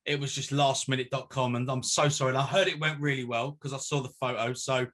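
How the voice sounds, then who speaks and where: Bright-voiced man telling stories. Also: medium pitch, little pitch movement, quick pace. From North West London. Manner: chatty storyteller, laughs easily. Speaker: guest. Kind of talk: casual chat.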